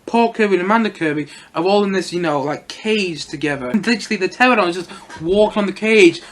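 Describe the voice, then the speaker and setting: A man's voice: high-pitched, quick pace, fairly bright tone. A young man giving a casual solo film review, chatty and rambling with lots of fillers and little laughs.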